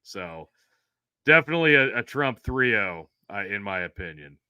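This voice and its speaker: Sharp-voiced, laughing man in dry sound. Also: lowish voice, very animated, moderate pace, clear, resonant tone, no echo. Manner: laughing, enthusiastic opinions. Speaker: co-host. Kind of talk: casual chat.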